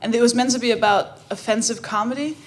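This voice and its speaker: A woman's voice: on the high side, quick pace. A woman co-hosting a comedy podcast, telling a blunt, cheeky story to a live audience with laughter in her voice.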